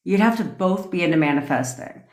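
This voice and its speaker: A woman with a low voice rants on her livestream, blunt and full of swearing, tossing off quick laughing asides. The sound has an echoey room around it, like a phone recording in a bare space. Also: animated. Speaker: manifestation coach. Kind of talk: casual livestream rant.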